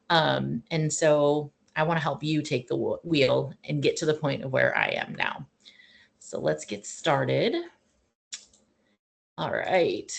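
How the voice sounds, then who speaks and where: Woman, middle-aged, low voice, gravelly, earnest, rambling, wellness class host. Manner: earnest, rambling storytelling with fillers. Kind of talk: casual personal talk and teaching.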